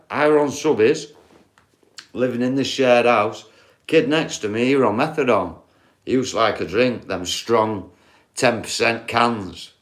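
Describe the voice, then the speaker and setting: A man with a Yorkshire accent hosting a livestream, telling rambling, sweary stories and chatting to his viewers. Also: fairly low pitch. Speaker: livestream host.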